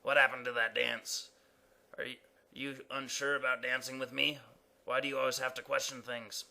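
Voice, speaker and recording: A man voicing a dull male period character who speaks flatly and keeps asking to dance. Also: normal speed, gravelly. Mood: deadpan. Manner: flat, deadpan, low. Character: dull low-voiced male period who loves dancing.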